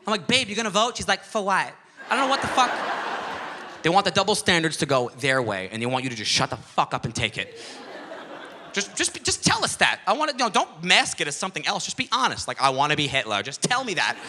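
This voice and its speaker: A young man doing a profane, ranting stand-up routine on a club stage, bursting into loud outbursts. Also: fairly high pitch, huge pitch swings, quick pace. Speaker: stand-up comedian. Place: comedy club stage with a laughing audience. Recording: live club audio with crowd laughter and room noise.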